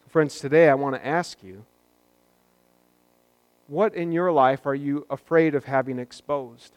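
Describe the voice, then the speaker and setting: A man's voice: on the high side, unhurried, dry recording. A man preaching a sermon as a pastor, talking in a conversational way with joking asides.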